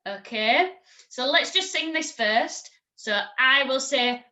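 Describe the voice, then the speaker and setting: Bright, lively woman teaching music. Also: sits high. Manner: encouraging, slow and clear, sings and chants examples. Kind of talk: recorded online music lesson for children.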